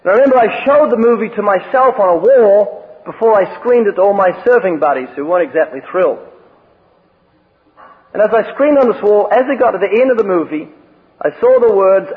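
A man's voice: high voice, animated, brisk, slightly rough. A man preaching a sermon and telling a personal story, with emphatic quoted lines. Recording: tinny phone-like radio broadcast with long reverb.

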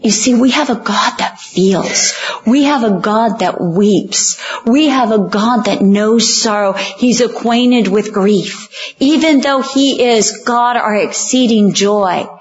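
Woman preacher, higher voice, slow and emphatic sermon delivery, dull lo-fi recording. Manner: earnest, emphatic, slows down on key lines, acts out quoted voices.

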